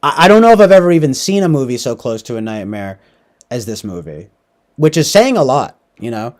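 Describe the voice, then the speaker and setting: A man's voice: medium pitch, fairly quick. Rambling young man recapping a movie. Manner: rambling, filler-heavy, animated. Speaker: podcast host.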